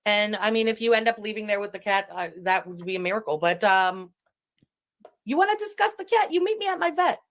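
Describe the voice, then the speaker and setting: Female streamer clip; animated pitch, cursing, emotional off-the-cuff talk. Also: a little fast. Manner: profane, emotional, rambling. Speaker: online streamer in a played clip. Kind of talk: casual rambling monologue.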